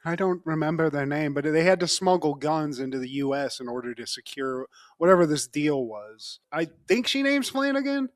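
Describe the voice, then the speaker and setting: A man with a fairly high voice talks through a TV episode in loose, casual chat. He jokes a lot and laughs between lines. The sound is dry and close to the mic. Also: expressive, normal speed, dry recording. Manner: jokey, laughing often, slips into mock voices. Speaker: podcast co-host.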